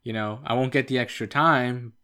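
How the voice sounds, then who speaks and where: A man's voice: mid-range voice, steady tone, moderate pace, sharp tone, clean tone. Young man telling a rambling story. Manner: rambling storyteller, insists on finishing his point. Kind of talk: casual chat.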